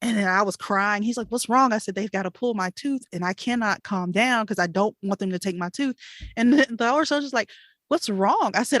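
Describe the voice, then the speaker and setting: A woman co-hosting a podcast, telling a story in an animated, chatty way with laughs and fillers. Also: mid-range voice, a little fast, no echo, clean studio sound. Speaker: podcast co-host. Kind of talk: casual storytelling chat.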